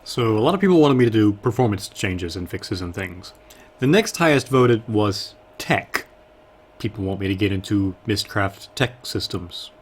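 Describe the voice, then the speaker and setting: A man's voice: on the low side, normal speed, husky. A young man casually chatting on a live stream while developing a game mod, explaining plans with plenty of fillers. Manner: relaxed, explanatory, with frequent fillers.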